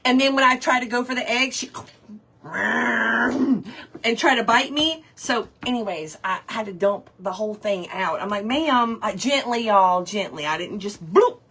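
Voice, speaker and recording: A woman's voice: a little high, unhurried, fairly bright tone, a little hiss or hum. A woman, hosting a craft livestream, chatting casually while she paints and greeting viewers by name.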